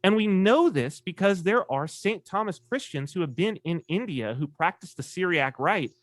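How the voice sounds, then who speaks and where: Brief: man, podcast guest, animated storyteller, swinging lively pitch, dry close sound. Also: moderate pace, no room sound. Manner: animated storyteller, acts out quoted voices. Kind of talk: casual conversation.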